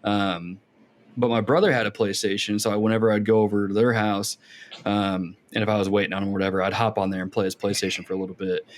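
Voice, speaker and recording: Male podcast host, animated storyteller, casual chat, acts out his reactions. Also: lowish voice.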